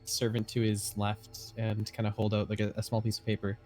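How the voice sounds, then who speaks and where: A man's voice: on the low side, completely flat delivery, brisk, darkish tone, soft background music. A man playing a tabletop game, chatting casually and stammering often. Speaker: player. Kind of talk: casual chat.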